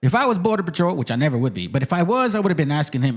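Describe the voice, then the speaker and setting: A man's voice: on the high side, big pitch swings, racing. A man hosting his channel with heated, profane, mocking commentary on clips. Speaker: channel host.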